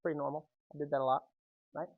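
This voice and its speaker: A man giving a youth sermon, telling a personal story with lively energy and often checking in with the audience. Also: a little high, fast, narrow, tinny audio. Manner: animated storytelling, keeps checking in with "right?". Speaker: youth speaker.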